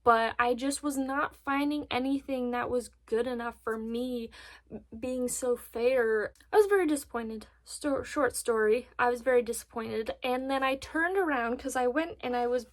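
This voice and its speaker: A woman's voice: on the high side, fairly even intonation, normal speed, hardly any pauses. A woman of twenty-two chatting in a bubbly, gushing way about her makeup purchases as a beauty vlogger. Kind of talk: casual makeup haul chat.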